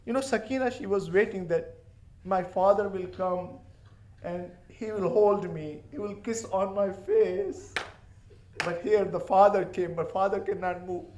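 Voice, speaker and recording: A man's voice: sits high, steady tone, a little slow, darkish tone, echoey room, a little hiss or hum. A man delivering a mourning sermon, telling the story with passion. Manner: impassioned storytelling. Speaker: majlis speaker.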